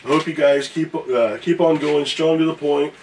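A man's voice: on the high side, fairly even intonation, moderate pace, a little mellow, recorded from a distance, a little hiss or hum, poor audio. Profane man reading viewer mail. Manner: profane, joking, reads with stumbles. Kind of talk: casual morning show chat, reading an email aloud.

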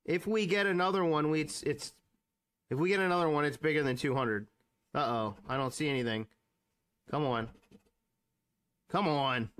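A man's voice: on the high side, normal speed, pauses often, a bit bright. A man hosting a scratch-off ticket channel, commenting casually and exclaiming as he counts numbers aloud. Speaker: lottery scratch-off channel host.

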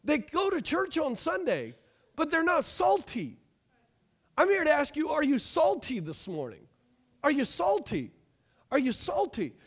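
A man pastor preaching a lively sermon with rhetorical questions, asides and jokes to his congregation. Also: very high-pitched, measured pace.

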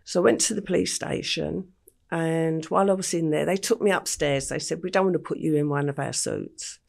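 An older woman from England, telling her life story in an interview at a slow, matter-of-fact pace. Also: low voice, a little mellow. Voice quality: gravelly, husky voice. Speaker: podcast guest.

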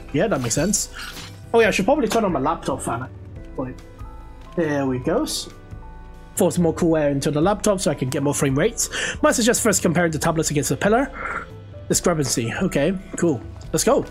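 A young man streaming a game, chatting casually with viewers and reacting excitedly as he plays. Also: a little high. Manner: chatty, excitable, talks to chat while playing. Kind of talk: casual live gameplay commentary.

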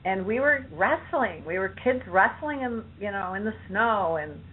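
A woman client hesitantly recounting a childhood memory, with pauses and fillers. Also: mid-range voice, expressive, breathy edge. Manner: hesitant, halting, many fillers. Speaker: client in a demo session. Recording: tinny phone line.

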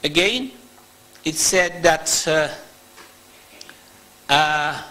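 Man lecturing on scripture, bright forceful voice. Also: a little high, low-quality recording. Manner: explains slowly, recites Arabic verses in quick chant. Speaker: Islamic lecturer. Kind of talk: religious lecture on Quranic verses.

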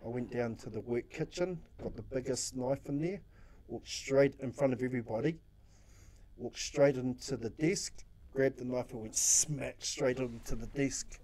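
A man recounts stories from his social work in a casual interview. He has a warm, mellow voice at an ordinary pitch and acts out his own quotes, swearing freely. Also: moderate pace. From New Zealand. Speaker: social worker guest.

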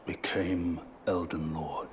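An actor playing a grave male game narrator who speaks slowly and solemnly. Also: low-pitched, little pitch movement, slightly rough, full character voice. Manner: slow, solemn, hushed. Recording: game audio with music.

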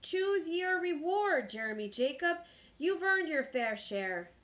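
A woman voicing a loud, blustering male pirate captain in a picture book read aloud. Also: sits high, sing-song, slow, pitched above the performer's own voice, exaggerated voice. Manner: hollering pirate talk.

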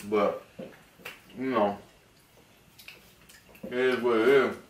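Casual male vlogger, playful, soft-spoken father at home; roomy, distant-mic sound. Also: medium pitch, slow pace. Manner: relaxed, playful, often softly spoken. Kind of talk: casual mukbang chat with his baby. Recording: echoey room, mic at a distance, faint noise.

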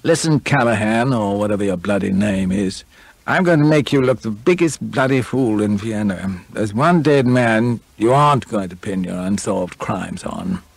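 A man's voice: lowish voice, expressive, normal speed, vocal fry, slightly rough, no room sound, heavily acted. A man voicing a hot-tempered, drunken male writer who blusters and grows indignant in a spoken storybook reading. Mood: furious. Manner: blustering, indignant, rising to shouts.

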